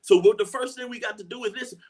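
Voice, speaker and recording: This talk-show host speaks fast in a very high voice that stays steady yet has a darkish tone, on a live show. Earnestly, he repeats lines for emphasis, mimics quoted voices, and asks "you know what I'm saying" again and again.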